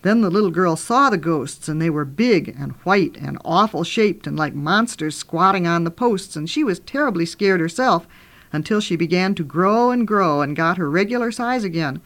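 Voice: medium pitch, lively intonation, moderate pace, a bit bright. An author reading from their own book aloud and retelling the story in a homey, conversational way.

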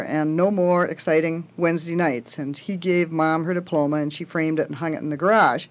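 A woman with a somewhat low voice retells a children's story in her own words. She speaks in a relaxed, casual way and pauses with small fillers.

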